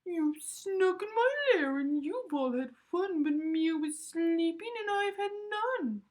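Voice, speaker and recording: A woman's voice: extremely high pitch, slow, a little mellow, pitched above the performer's own voice. A woman voicing a great brown male bear in a storybook read-aloud, complaining in a whiny, whispery voice. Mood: sulky.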